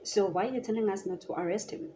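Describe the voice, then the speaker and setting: A blunt, unimpressed police officer laying out the law in a lecturing tone, voiced by a woman retelling the story. The pitch stays in an ordinary middle range. Soft music plays faintly underneath. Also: fast talker, close to an everyday voice.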